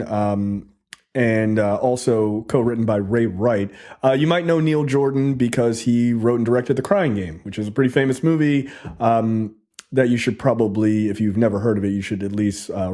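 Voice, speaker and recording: A man's voice: mid-range voice, warm tone. A man hosting a podcast, giving a casual movie review in a chatty, loose way full of fillers. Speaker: podcast host.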